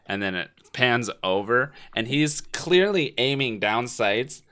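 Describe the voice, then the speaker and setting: A man's voice: medium pitch, expressive, takes it slowly, a bit bright, smooth. A man co-hosting a podcast in casual chat, rambling with many "uh" fillers and casual swearing. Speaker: podcast co-host.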